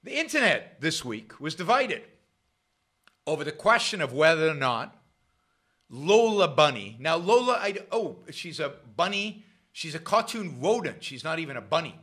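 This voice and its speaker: A middle-aged man hosting a show, talking in a sarcastic, animated commentary with frequent restarts. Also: fairly high pitch, normal speed, slightly rough. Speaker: show host. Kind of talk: casual commentary monologue.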